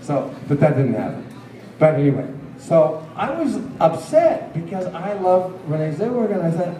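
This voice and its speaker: A man with a slightly high, mellow voice tells chatty stories at a convention Q&A and laughs often as he talks. He is heard from some distance in a big, echoing room. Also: big pitch swings, normal speed. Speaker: convention panel guest. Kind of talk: convention Q&A storytelling. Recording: roomy hall picked up from a distance.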